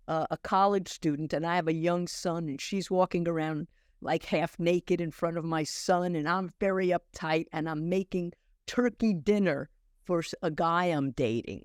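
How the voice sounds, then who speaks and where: A woman's voice: lowish voice, dry recording, studio quality. An older woman, an acting teacher, talking as a podcast guest and telling anecdotes with many restarts and acted-out dialogue. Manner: animated, halting restarts, acts out dialogue in stories. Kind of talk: anecdotal storytelling in conversation.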